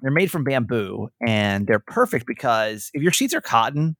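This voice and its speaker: A man's voice: mid-range voice, very animated, moderate pace, fairly bright tone, no room sound, studio quality. A man co-hosting a podcast, chatting casually, rambling and restarting his sentences and laughing easily. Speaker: podcast co-host.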